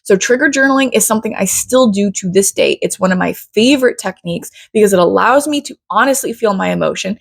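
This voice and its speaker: A woman's voice: mid-range voice, expressive, quick pace, vocal fry, hardly any pauses, husky, dry recording, clean studio sound. A woman coach teaching a casual lesson, chatty and blunt, often checking in with her listeners. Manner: chatty, often says "right?" and "you guys". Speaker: self-development coach.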